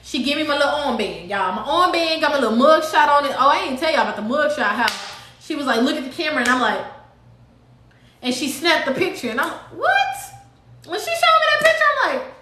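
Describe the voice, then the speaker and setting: A woman telling a dramatic story to her live viewers in a casual, animated way, acting out what people said. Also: sits high, fast, reverberant, a little hiss or hum. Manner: animated, dramatic retelling with acted-out quotes. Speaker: live-stream host.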